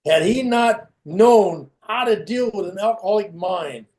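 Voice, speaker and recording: A man's voice: high voice, measured pace, darkish tone. A middle-aged man giving a candid, plain-spoken personal recovery share over a video call. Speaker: recovery meeting speaker.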